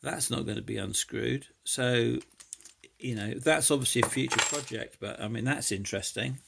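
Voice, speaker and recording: A man's voice: mid-range voice, normal speed, creaky, background noise. A man casually demonstrating lockpicking, thinking aloud with many hesitant fillers. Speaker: lockpicking hobbyist vlogger. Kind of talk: casual demonstration while picking a lock.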